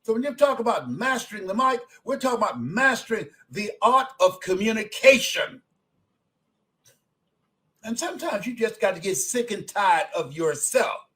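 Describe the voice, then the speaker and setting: High-voiced man in his seventies, emphatic. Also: sing-song, normal speed, low-quality recording. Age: 70s. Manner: emphatic, repeats phrases, swings from soft to shouting. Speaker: motivational speaker. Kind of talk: motivational speech.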